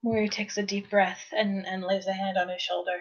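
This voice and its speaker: A woman playing a character in a tabletop game, speaking in a measured, earnest way. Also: medium pitch, little pitch movement, dull audio. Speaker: player. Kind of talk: tabletop role-play.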